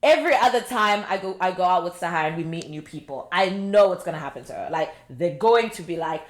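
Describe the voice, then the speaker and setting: A woman in her twenties with a British-sounding accent, co-hosting a podcast in casual chat, wry and emphatic with quick asides. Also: on the low side, expressive. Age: 20s. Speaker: podcast co-host.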